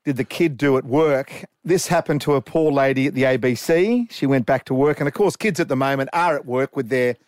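A man's voice: medium pitch, brisk, few pauses, a little mellow, no echo, studio quality. An Australian man hosting a radio show, upbeat and teasing as he leads the banter. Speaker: radio host.

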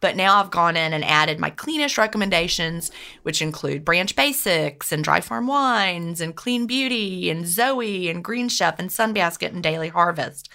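A woman's voice: lowish voice, moderate pace, creaky. A woman co-hosting a podcast, chatting casually with many restarts and fillers. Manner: warm, chatty, lots of restarts. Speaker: podcast co-host.

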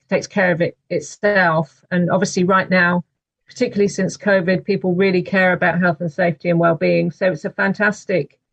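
A woman, an author, answering interview questions in a measured, thoughtful way. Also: fairly low pitch, gravelly, no echo, lo-fi sound. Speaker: author guest.

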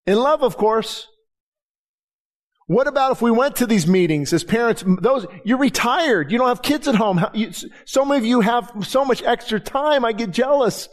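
Middle-aged man, pastor, high voice, chatty sermon with acted-out dialogue. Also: animated, moderate pace. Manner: conversational preaching, acts out dialogue in anecdotes.

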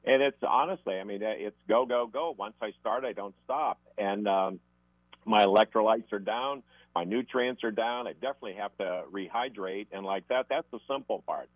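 A man's voice: fairly low pitch, moderate pace, dry recording. A man speaking as a fitness expert guest on a radio show, rambling and often tacking on "and like that". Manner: rambling, fills with "and like that". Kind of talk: radio call-in advice. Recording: phone-like radio line.

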